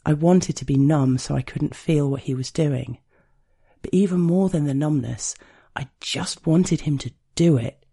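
A man reading a first-person erotic story in a slow, intimate, hushed way. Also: fairly high pitch, vocal fry, husky. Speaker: narrator.

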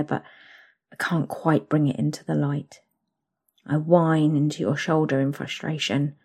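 A young woman narrating an intimate second-person story, soft and slow. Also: sits low, breathy edge.

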